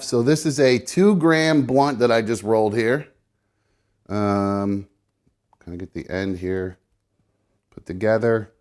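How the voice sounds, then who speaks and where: A man's voice: fairly low pitch, darkish tone. A man chatting casually on a live show, narrating what he is doing as he goes, swearing and rambling and slightly out of breath. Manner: rambling, swearing, self-narrating while rolling. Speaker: live show guest rolling a blunt. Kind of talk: casual live-stream chat.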